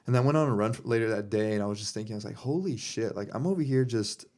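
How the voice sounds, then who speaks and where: A man's voice: lowish voice, very fast, a little mellow. A man hosting a podcast, telling a story in a casual, rambling way with lots of fillers and restarts. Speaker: podcast host.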